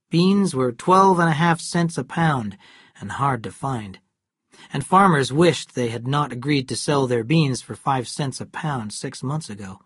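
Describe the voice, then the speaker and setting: A narrator reading a novel aloud in a steady, measured storytelling manner. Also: medium pitch, husky, no echo, clean studio sound. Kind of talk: scripted audiobook narration.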